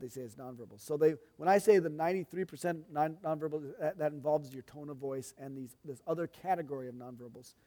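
Middle-aged male pastor, fairly high voice, homespun and talkative from the pulpit. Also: warm tone. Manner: folksy, chatty, asides to the congregation. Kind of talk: sermon-style teaching.

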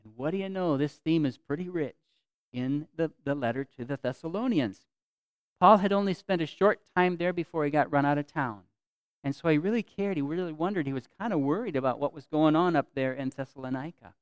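A man preaching a sermon as pastor, earnest, repeating phrases for emphasis and swinging from loud to soft. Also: a little high, a little fast, clear, resonant tone, no echo.

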